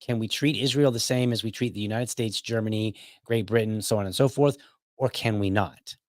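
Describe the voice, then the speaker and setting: A man's voice: on the low side, fairly quick, no room sound, studio quality. A man hosting a podcast, commenting casually in a rambling, self-correcting way. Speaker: podcast host.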